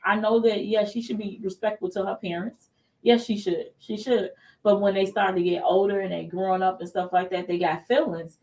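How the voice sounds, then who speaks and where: A woman's voice: mid-range voice, fairly even intonation, normal speed, dark tone, distant mic. Female talk host, chatty and emphatic, sits a bit back from the mic. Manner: chatty, emphatic, laughs easily. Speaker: show host. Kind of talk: casual talk show chat.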